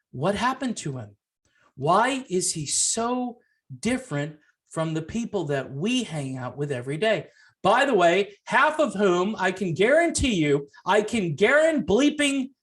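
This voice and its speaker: A man ranting to camera on his music commentary channel, frustrated and yelling, sarcastic, swinging between loud outbursts and low mutters. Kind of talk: heated rant to camera.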